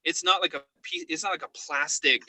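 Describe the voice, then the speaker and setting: A man guesting on a podcast as a paranormal investigator, telling stories in a casual chat and acting out quotes in an excited high voice. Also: fairly quick, no room sound, rough recording.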